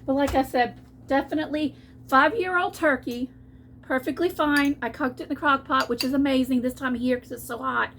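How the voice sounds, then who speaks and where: A woman's voice: sits high, steady tone, fairly quick, fairly bright tone, slight background noise. A woman, chatting folksily in her home kitchen for a cooking vlog. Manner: chatty, folksy, restarts often. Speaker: cooking vlogger.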